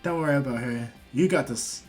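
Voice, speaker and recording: A man's voice: mid-range voice, brisk, darkish tone, soft background music, lightly acted. Itachi, a man doing an encouraging ninja uncle.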